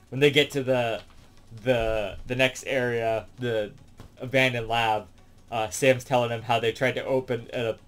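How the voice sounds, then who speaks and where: A man casually recapping a movie plot as a reviewer, rambling along with lots of "um" and "like" fillers. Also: mid-range voice. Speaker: film reviewer.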